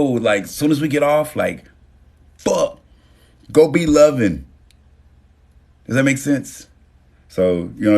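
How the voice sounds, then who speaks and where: A man hosting a phone live stream, speaking casually and emotionally, swearing freely and thanking viewers by name. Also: lowish voice. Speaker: livestream host.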